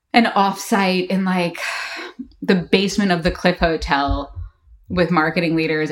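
A middle-aged woman guest on a casual podcast interview, telling lively stories and acting out quotes. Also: on the low side. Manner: animated storyteller, laughs often, acts out quotes. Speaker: marketing executive guest.

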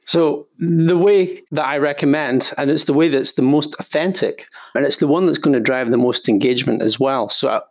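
A man with a Scottish accent, a guest on a podcast, talking in a relaxed, conversational way. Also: a little high, moderate pace, few pauses. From Scotland. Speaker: podcast guest, marketing consultant. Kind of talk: podcast interview.

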